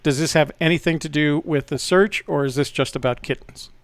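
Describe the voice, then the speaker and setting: A man's voice: on the high side, fairly quick. A man hosting a live call-in show, chatting casually and rambling, often correcting himself mid-sentence.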